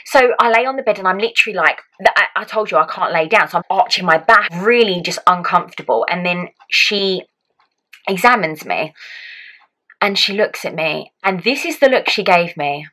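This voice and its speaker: A young woman vlogger telling a personal story to camera in a chatty, animated way, acting out what people said. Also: fairly low pitch, normal speed, poor audio. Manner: chatty, animated, acts out quotes. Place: home.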